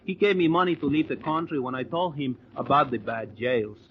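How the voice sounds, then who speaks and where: An actor playing a mercenary Latin American smuggler with a lilting, amused delivery, in 1940s radio acting. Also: male voice, medium pitch, a little fast, natural voice. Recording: dull noisy old radio recording.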